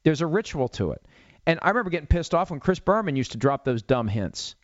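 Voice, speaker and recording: A man's voice: on the high side, sing-song, brisk, dry recording, dull audio. A middle-aged man hosting a solo podcast, ranting with rhetorical questions and then answering listener questions. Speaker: podcast host.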